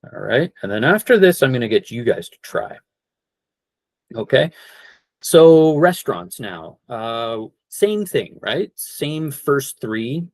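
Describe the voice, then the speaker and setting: Slow, animated male English teacher. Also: medium pitch, no echo. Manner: slows down to model phrases clearly; corrects himself and repeats for practice. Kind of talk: online English lesson. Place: online class.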